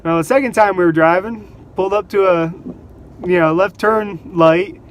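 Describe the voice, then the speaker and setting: A man with a fairly high voice tells casual stories to the camera. He is animated, laughs often and slips into voices for the people in his stories. There is a faint hum of outdoor traffic behind him. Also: moderate pace. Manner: animated, laughs between anecdotes, acts out quotes. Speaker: vlogger. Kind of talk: casual storytelling.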